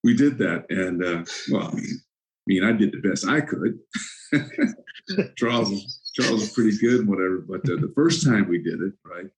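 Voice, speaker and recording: A man's voice: lowish voice, fairly quick, noisy background. A man in his sixties, a former football player, telling stories as a guest in a casual interview, laughing often and acting out his anecdotes.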